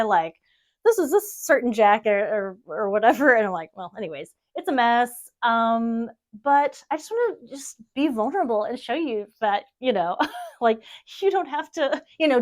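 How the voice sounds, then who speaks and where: A woman giving a casual tour of her home sewing studio, rambling, self-deprecating and laughing often. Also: fairly high pitch. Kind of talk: casual chat.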